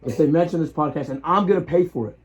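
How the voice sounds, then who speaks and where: A brash man hosts a podcast with his friends, talking fast and loud. He swears freely and gets worked up over sports bets. His voice sits a little high. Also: muffled recording, crowd noise. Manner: loud, profane, excitable. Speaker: podcast host. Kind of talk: casual podcast banter.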